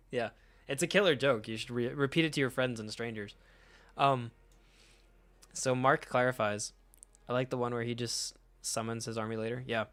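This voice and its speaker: A man hosting a casual comic read-through, rambling and reacting as he goes. He swears freely and laughs often, in a mid-pitched voice. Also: normal speed, fairly bright tone. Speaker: comic reader, channel host.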